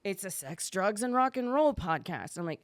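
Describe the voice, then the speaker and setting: A young adult woman, a podcast guest, telling her story in casual chat, chatty and quick, jumping higher when she acts out what others said. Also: sing-song.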